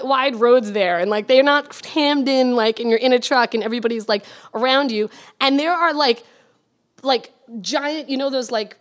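Woman, young adult, high bright-sounding voice, rapid casual storytelling, lots of "like", swears freely. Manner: rapid, filler-heavy, animated and swearing. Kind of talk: casual spoken anecdote.

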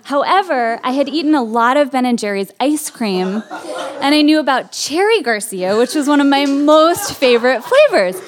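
A woman's voice: sits high, animated, moderate pace. A woman from Berkeley, California telling a personal story in a chatty way, with lots of "like" fillers.

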